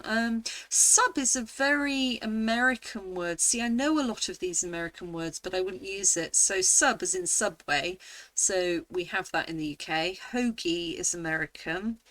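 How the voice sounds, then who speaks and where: A woman's voice: mid-range voice, a bit bright, no echo. A woman with an English accent, a vlogger talking casually through an online quiz, thinking aloud, sounding words out and exclaiming in disbelief.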